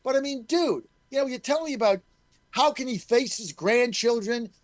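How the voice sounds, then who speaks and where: This middle-aged man, a state legislator, has a very high-pitched, expressive voice and talks at normal speed with no echo. He's a guest in a call-in talk radio interview, emphatic and combative.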